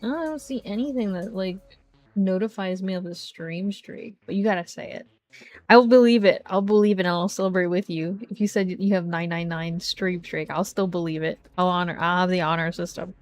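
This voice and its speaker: A woman's voice: fairly low pitch, steady tone, brisk, faint music behind. A woman streaming a game and chatting casually with her viewers, rambling along and breaking into exasperated exclamations, speaking into a desk microphone. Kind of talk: casual live-stream chat.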